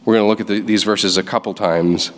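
A man's voice: on the low side, brisk. Preaching man in a reverberant hall. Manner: preaching with lively emphasis, reading scripture aloud. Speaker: pastor. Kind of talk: sermon. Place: church sanctuary.

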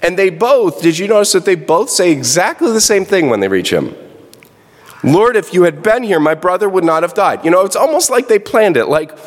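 A man's voice: high voice, big pitch swings, fairly quick. A man preaching a sermon as a pastor, talking in a conversational way and correcting himself as he goes. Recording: long reverb.

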